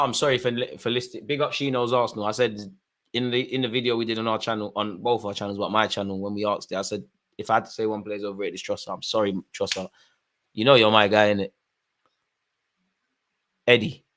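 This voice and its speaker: A young man giving excitable live commentary on a football match, shouting at players and the referee. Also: lowish voice, quick pace. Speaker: football fan channel host.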